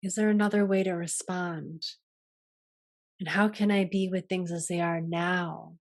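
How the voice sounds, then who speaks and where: A woman hosting a reflective solo talk as a yoga teacher, soft-spoken and gentle, often trailing off and restarting her sentences. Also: lowish voice, fairly even intonation, a little slow. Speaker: podcast host and yoga teacher.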